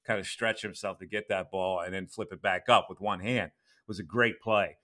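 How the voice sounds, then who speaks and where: A man hosting a casual post-game sports podcast, animated and mocking when he rants. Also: moderate pace. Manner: animated, mocking, raises pitch when ranting. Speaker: sports radio podcast host.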